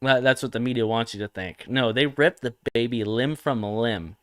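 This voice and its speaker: Smooth-voiced provocative male streamer. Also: mid-range voice, moderate pace, no room sound, studio quality. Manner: provocative, mocking, reads chat aloud. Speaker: comedy livestream host. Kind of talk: satirical livestream monologue.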